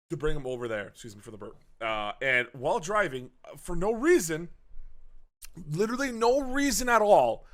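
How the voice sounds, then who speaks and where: A young adult man hosting a podcast, retelling a movie plot in a casual, profane, jokey way with lots of restarts. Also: on the high side. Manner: animated, profane, jokey storytelling with frequent restarts. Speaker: podcast host recapping a movie. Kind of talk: casual chat.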